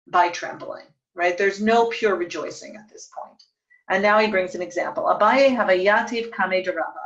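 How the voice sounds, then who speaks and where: A woman's voice: mid-range voice, fairly bright tone, lo-fi sound. A woman teaching a Talmud study lesson, reading passages aloud and translating them, thinking aloud and correcting herself as she goes. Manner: thinks aloud, self-correcting with fillers and restarts.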